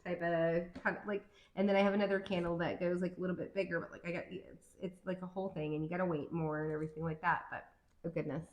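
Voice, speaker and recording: A chatty woman reads tarot cards in a slightly low voice and rambles from thought to thought with plenty of fillers. She sounds playful and easygoing. Her voice carries an echo from the room. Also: little pitch movement, quick pace, slight background noise. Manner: playful, laughs easily. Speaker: tarot card reader. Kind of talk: casual tarot reading.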